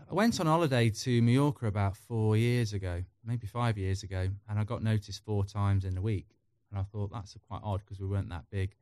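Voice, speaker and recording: A man's voice: fairly low pitch, normal speed, a little mellow, clean tone, no room sound, clean studio sound. A middle-aged man chatting candidly as a podcast guest, rambling through personal stories. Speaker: podcast guest, football YouTuber. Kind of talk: casual chat.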